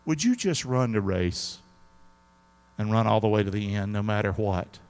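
A man preaching as pastor, pleading and repeating himself, moving between hushed prayer and loud exhortation in a large church hall. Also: lowish voice, animated, moderate pace, clean tone. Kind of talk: sermon and altar call.

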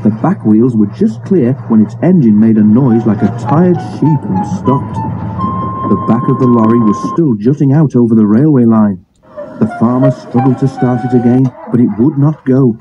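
A man's voice: medium pitch, normal speed. Man narrating a storybook on lo-fi phone. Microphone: old phone. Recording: dull lo-fi phone recording. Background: music.

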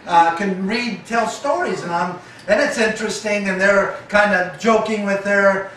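A man's voice: sits high, unhurried, slight background noise. A man preaching a sermon, telling stories and acting out the voices of the people in them. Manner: animated, acts out quoted voices. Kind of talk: sermon with storytelling. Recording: echoey hall recorded from a distance.

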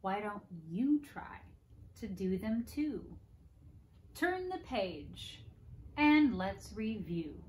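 A woman hosting preschool story time, reading picture books aloud in a slow, sing-song way and playfully acting out animal noises for children. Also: medium pitch, very animated, darkish tone, roomy sound, slight background noise.

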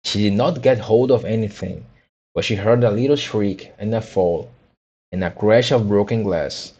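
Low husky man reading a storybook. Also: dark tone. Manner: halting, frequent restarts and repeated words. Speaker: audiobook reader. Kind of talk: reading a children's book aloud.

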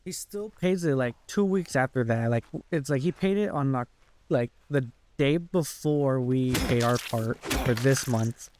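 A young man venting in a casual, rambling way while playing a game, swearing often and filling every pause with "like". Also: medium pitch, animated, darkish tone, a little hiss or hum. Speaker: gaming YouTuber.

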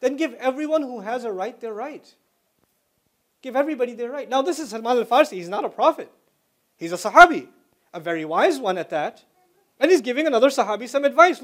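Casting note: male Islamic lecturer with a high voice, chatty storytelling, quick Arabic recitation. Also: animated, a bit bright. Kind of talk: Islamic lecture to a student audience.

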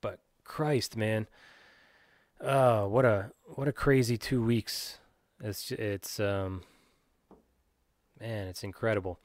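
A man's voice: lowish voice, fairly even intonation, takes it slowly, long pauses, dry recording, studio quality. A man from Pennsylvania, hosting his own podcast and ranting in a profane, rambling way, full of restarts and fillers. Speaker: podcast host.

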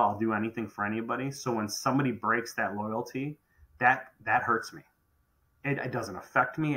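This podcast conversation features a middle-aged man running a contracting business, his medium-pitched voice sharp in tone. He speaks with emphasis and often restarts, repeating phrases; the audio quality is poor.

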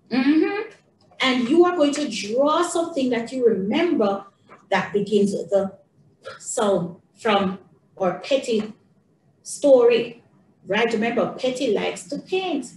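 A woman teaching small children talks slowly in a singsong, encouraging tone. Her voice sits high and is a little mellow. She's recorded from a distance in an echoey room with faint background noise.

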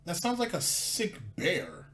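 A man commenting on video clips in a casual, sarcastic way. His voice sits a little high and swings up and down a lot. He trips over words and repeats himself as he searches for a point. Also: huge pitch swings, unhurried, fairly bright tone. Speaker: commentary host.

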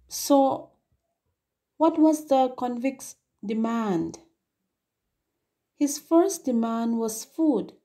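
A woman's voice: on the high side, lively intonation, slow pace, pauses often, warm tone. A woman teacher explaining and reading a play aloud to her students, with frequent okay and so. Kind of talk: literature lesson reading a play.

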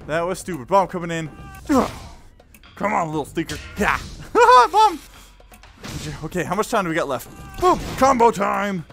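An excitable gaming host chats casually through a let's-play, breaking into laughter and exclamations. The voice swoops up and down. Faint game music plays underneath. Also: medium pitch, normal speed, vocal fry, long pauses.

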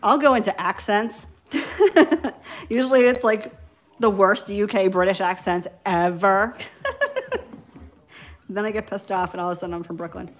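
Picture a scattered, giggly woman in her thirties with a New York accent, talking live to her viewers while she paints nail swatches. She's a little tipsy from wine and keeps losing her train of thought. Faint music plays behind her. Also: mid-range voice. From New York, Long Island. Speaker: nail beauty YouTuber. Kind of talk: casual live stream chat while swatching.

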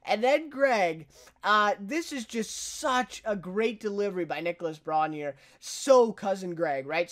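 Chatty high-voiced young man recapping TV. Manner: chatty, filler-heavy, laughs while retelling scenes. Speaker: TV reviewer. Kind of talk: casual episode recap.

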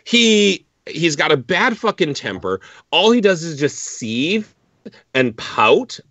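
Male co-host, high animated voice, swearing rant, dry dull mic. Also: slow pace, no room sound. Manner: ranting, profane, animated. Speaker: podcast co-host. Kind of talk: casual chat. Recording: dry, lo-fi podcast audio.

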